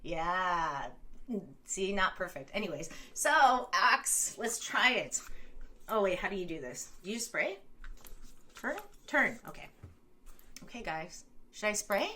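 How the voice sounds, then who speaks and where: A woman's voice: medium pitch, very animated, a little slow, bright, forceful tone. A young adult woman from California hosting a casual livestream chat, rambling and laughing often as she reads viewer comments. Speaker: livestream host. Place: home room.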